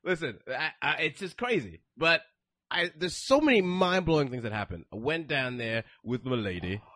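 Lively, bright-voiced male storyteller. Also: a little high, normal speed, no echo, clean studio sound. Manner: animated, profane, laughing storyteller. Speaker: podcast co-host. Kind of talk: casual chat, storytelling. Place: indoor studio room.

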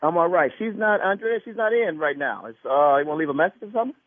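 A husband on a phone call, indignant and repeating himself as he gets angrier, with a husky voice. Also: fairly high pitch, lively intonation, quick pace, no room sound. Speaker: prank call target. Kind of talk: heated phone argument. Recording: tinny phone line.

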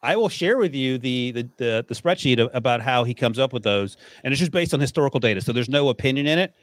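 A man's voice: medium pitch, lively intonation, fast talker, dry recording. A man hosting a football podcast, casually running through draft picks and joking with his co-host. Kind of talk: casual sports podcast chat.

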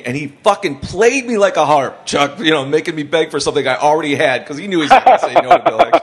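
A fast-talking man with a high-ish voice barely pauses as he hosts his podcast. He tells stories in a loose, rambling, animated style during casual chat, playing out each person he quotes.

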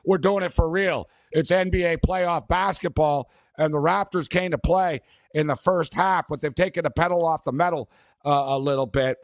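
A man's voice: fairly high pitch, fairly even intonation, normal speed, no room sound, studio quality. A man hosting a sports betting talk show, rambling casually with many fillers.

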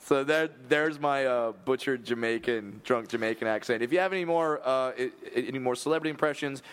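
A young man hosting a comedy podcast, joking in casual chat with quick laughs and stammering restarts. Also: mid-range voice, smooth. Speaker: podcast host.

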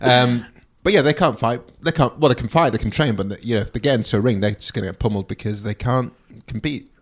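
A man in his forties co-hosting a TV recap podcast, chatty and quick to laugh. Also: medium pitch. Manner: chatty, laughs easily, jokey. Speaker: podcast co-host. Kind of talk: casual chat.

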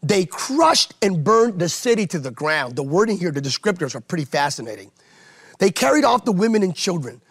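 This fervent pastor has a high voice with a gravelly edge and a brisk delivery. Even in conversation he preaches, driving his points home by repeating phrases for emphasis.

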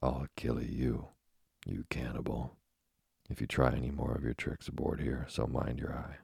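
A man voicing a gaunt, gruff, blustering old sea captain in a novel reading. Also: a bass voice, level tone, normal speed, darkish tone, no room sound, studio quality, full character voice. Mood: angry.

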